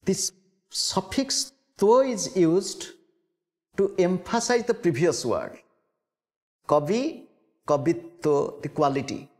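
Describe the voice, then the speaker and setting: A man giving a spiritual lecture, speaking slowly and deliberately and repeating key words. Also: sits high, sing-song. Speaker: spiritual teacher. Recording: long hall reverb.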